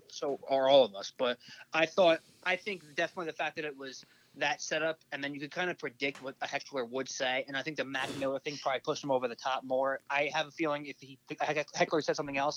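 A man's voice: medium pitch, fast, fairly bright tone. A man hosting a podcast in casual chat, blunt and profane, on a slightly dull recording. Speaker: podcast host.

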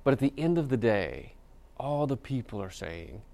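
Male preacher, gravelly, relaxed conversational sermon delivery with frequent fillers. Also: medium pitch, normal speed. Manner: conversational storytelling with many fillers and restarts. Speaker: pastor.

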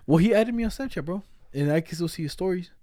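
A man's voice: high voice, lively intonation, quick pace, mellow, no echo. A young man chatting casually, telling stories in heavy slang with frequent laughs and swearing. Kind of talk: casual chat.

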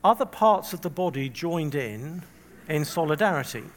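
Guy preaching a sermon, kinda high voice, funny chatty storytelling. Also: lively intonation, moderate pace, big-room sound, background noise. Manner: humorous storytelling with self-deprecating asides; conversational, acts out quoted voices.

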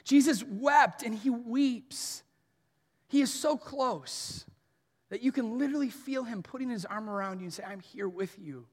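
A man in his thirties preaching an earnest sermon as pastor, swinging between soft and forceful delivery. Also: very high voice, a little slow. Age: 30s. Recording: long hall reverb.

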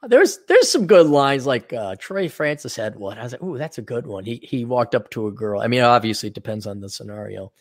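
An American man hosting a casual podcast chat, talking in an animated, joking way with quick asides. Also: mid-range voice. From United States. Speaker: podcast host.

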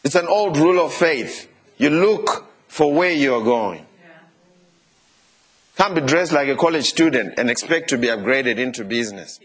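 A male pastor preaching a lively sermon, often turning to the congregation with asides and questions. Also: mid-range voice, moderate pace, husky.

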